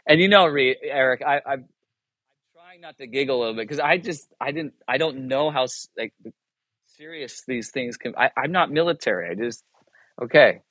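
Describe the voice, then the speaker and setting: A military chaplain, interviewed casually as a guest, recounts a personal anecdote at a moderate pace in a medium-pitched, fairly bright voice without room sound. His telling is rambling and self-interrupting, full of chuckles and acted-out dialogue.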